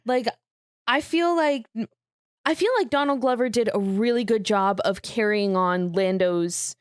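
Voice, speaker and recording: A woman's voice: mid-range voice, unhurried, clean tone, no echo. Dry-sounding woman co-host. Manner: short agreeing interjections, casual, uses 'like'. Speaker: podcast co-host. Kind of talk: casual chat.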